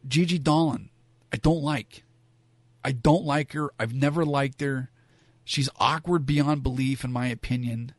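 Casual male opinion host, frank and rambling, mid-pitched, dry room. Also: a little slow, dry recording. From Southern California. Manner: rambling, frank, many fillers. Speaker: wrestling commentator.

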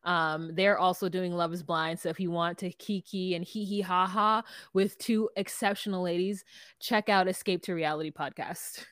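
A woman's voice: lowish voice, normal speed, no room sound. Laughing woman podcast co-host, dry sound. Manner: laughing, animated storytelling. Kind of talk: casual chat recapping a reality show.

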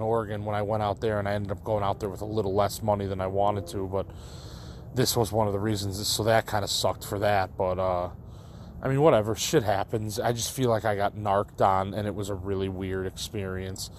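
A man's voice: lowish voice, steady tone, moderate pace, slight background noise. Rambling young man telling a story. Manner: rambling, full of likes and restarts. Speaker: storyteller addressing listeners. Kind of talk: casual storytelling monologue.

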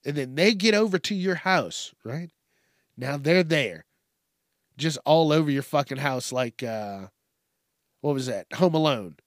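Casting note: male host, crude animated ranter, slightly high voice, dry close sound. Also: a little slow, no room sound. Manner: ranting, crude, animated storytelling. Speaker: show host. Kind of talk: profane comedic news commentary.

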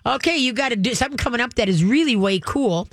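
A woman with a slightly high voice and lively intonation talks fast, hosting a radio call-in show about dog training. She's chatty and laughing, often acting out voices while giving advice. The studio microphone recording has no echo.

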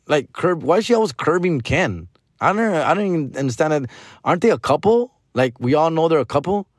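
A man, a comedian hosting a podcast, rants casually about a movie in an animated, slangy, exasperated way, dropping bits of Spanish slang. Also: a little high, slightly rough, dry recording, studio quality.

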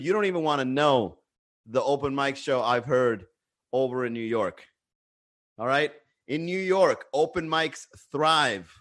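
A man's voice: medium pitch, fairly bright tone. A man chatting casually on a livestream, reading the chat and joking with a lot of profanity. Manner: profane, joking, laughs often.

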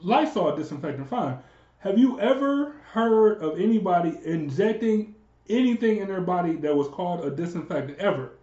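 A man co-hosting a podcast in casual political banter, animated and incredulous, laughing often. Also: high-pitched, moderate pace. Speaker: podcast co-host. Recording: roomy, dull lo-fi sound.

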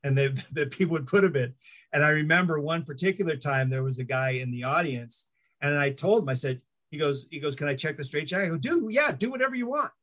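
A man's voice: fairly high pitch, fast talker. A middle-aged man telling stories in a casual interview, acting out the voices of people he quotes. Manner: animated anecdotes, acts out quoted voices. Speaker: guest.

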